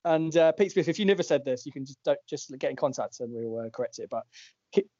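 A man's voice: mid-range voice, expressive, quick pace, mellow, no echo. A man hosting a casual chat, wry and rambling, often correcting himself. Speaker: podcast host. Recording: dull lo-fi, dry.

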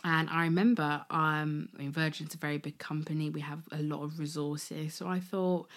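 A young woman hosting a podcast, chatting casually and at times softly and emotionally about her own experience, with many fillers. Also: low-pitched, little pitch movement, moderate pace. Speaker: podcast host. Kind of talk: casual personal storytelling.

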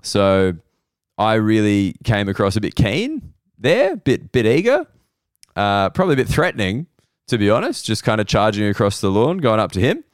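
An Australian comedian hosting a podcast, telling rambling self-deprecating stories slowly, his voice hoarse and worn. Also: fairly low pitch, big pitch swings, no room sound, clean studio sound. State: losing his voice. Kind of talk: casual comedic monologue.

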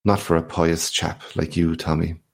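A man's voice: low voice, normal speed, vocal fry. A man reading a boastful, hearty old-time newsman. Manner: boisterous, swaggering, lively questions. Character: boastful hearty male journalist back from abroad.

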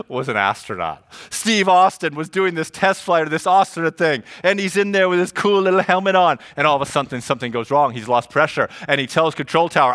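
A middle-aged man preaching a sermon to his congregation in an animated, joking, conversational way. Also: fairly high pitch, moderate pace. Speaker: pastor. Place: church service before a congregation.

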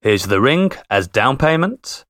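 A man's voice: medium pitch, sing-song, a little slow, fairly bright tone, no room sound, clean studio sound. A man playing in a tabletop game, joking and chatting casually. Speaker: player.

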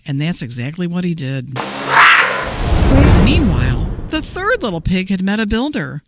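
Animated woman reading a storybook. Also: fairly low pitch, normal speed. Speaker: children's librarian, storyteller. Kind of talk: storytime read-aloud.

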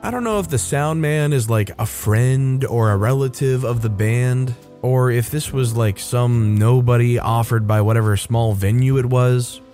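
A man's voice: medium pitch, moderate pace, few pauses, dark tone, soft background music. A man hosting a storytelling channel, narrating in a conversational way and speaking to his audience. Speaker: host narrator.

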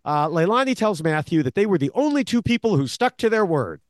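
A man's voice: sits high, big pitch swings, a little fast, dry recording, studio quality. A man co-hosting a podcast, recapping episodes in casual chat with many fillers and restarts. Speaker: podcast co-host, longtime show analyst.

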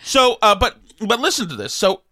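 A man's voice: high voice, sing-song, moderate pace, bright, forceful tone, no room sound, clean studio sound. A middle-aged man hosting a podcast, telling a rambling, jokey story with many restarts in casual chat. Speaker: podcast host.

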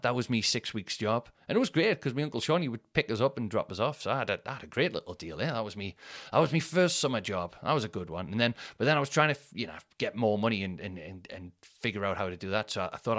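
A man's voice: on the low side, lively intonation, quick pace, fairly bright tone. A man, telling rambling, sweary comic stories as a podcast host. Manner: rambling, swears, laughs at his own stories. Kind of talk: casual comic storytelling.

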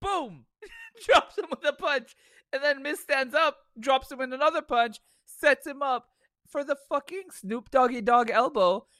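A podcast co-host with a very high-pitched voice talks a little slowly on a dry recording. In casual chat he tells animated stories, laughing often and swearing heavily.

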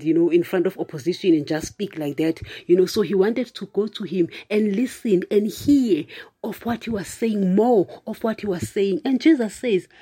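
In casual spoken preaching to viewers, this speaker's husky, warm voice sits at a middle pitch. Rather than sermonizing formally, he talks conversationally, turning to the audience with "you know" and "guys," laughing a lot and punctuating points with emphatic asides.

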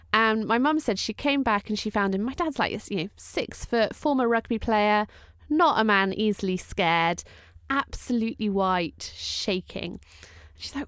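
A woman co-hosting a podcast, telling a family story in a lively, animated way. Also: a little high, measured pace, clean tone, no echo, studio quality. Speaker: podcast co-host. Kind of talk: casual chat, storytelling.

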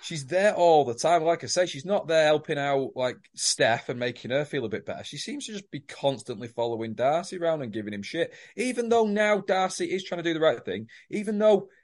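A man's voice: a little high, expressive, fairly quick, few pauses. A man, co-hosting a casual podcast and giving his opinions on a soap, with plenty of swearing. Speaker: podcast co-host. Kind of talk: casual recap chat.

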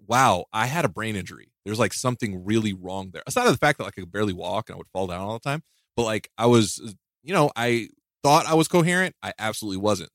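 A man's voice: fairly low pitch, fairly bright tone, no room sound, clean studio sound. A man hosting a podcast, chatting casually and rambling with restarts and self-mocking jokes. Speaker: podcast host.

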